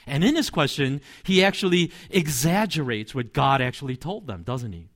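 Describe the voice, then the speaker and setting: A man's voice: mid-range voice, lively intonation, normal speed, a bit bright. A man, a pastor, preaching a sermon in a conversational, storytelling way with asides and light chuckles.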